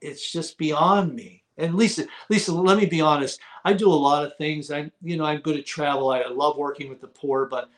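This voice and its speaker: A man's voice: fairly high pitch, fairly even intonation, moderate pace, few pauses. A middle-aged man telling stories as a guest in an interview, repeating words for emphasis. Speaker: guest author. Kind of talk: casual interview talk.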